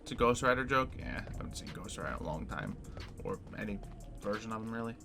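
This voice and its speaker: A man's voice: fairly low pitch, quick pace, creaky. A man streaming a game and chatting casually with his viewers, rambling loosely from one thought to the next. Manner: relaxed, rambling, talking to chat between tasks. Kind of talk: casual live-stream chat while playing. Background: background music.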